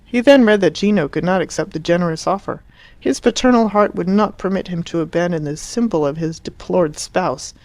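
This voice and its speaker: A woman narrating an audiobook in a measured, expressive reading voice. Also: lowish voice, dry recording. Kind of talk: scripted narration.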